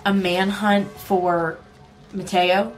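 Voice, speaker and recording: A woman's voice: medium pitch, little pitch movement, slow pace, soft background music. A woman playing a tabletop game, chatty and full of fillers as she asks questions. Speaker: player.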